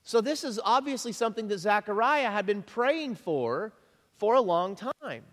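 A man preaching a conversational sermon, lively and chatty, chuckling often and repeating himself as he talks to the congregation. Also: sits high, normal speed. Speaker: pastor. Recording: long reverb of a large hall.

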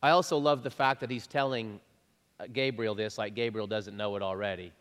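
A man preaching a conversational sermon, lively and chatty, chuckling often and repeating himself as he talks to the congregation. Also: on the low side, fairly quick. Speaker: pastor. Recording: long reverb of a large hall.

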